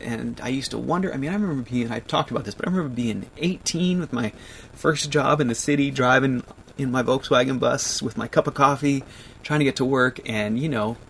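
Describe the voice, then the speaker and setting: A man in his thirties hosting a livestream, reading viewer comments aloud and talking through them, choked up and laughing through tears, with halting restarts. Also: mid-range voice, gravelly, a bit bright, a little hiss or hum. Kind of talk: emotional casual livestream chat.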